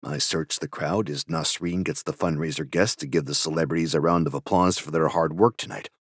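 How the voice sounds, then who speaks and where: An actor playing an uneasy young man narrating a tense scene in an audio drama, in a watchful, measured way. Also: very deep voice, steady tone, slightly rough, no room sound, clean studio sound. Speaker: narrating character.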